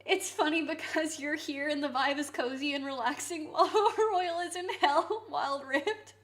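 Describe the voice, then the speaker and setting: A woman with a bright, high voice hosts a relaxed cooking stream. She chats playfully with her viewers, teasing them in an easygoing way. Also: normal speed. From Canada. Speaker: live streamer. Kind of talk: casual chat with viewers while cooking.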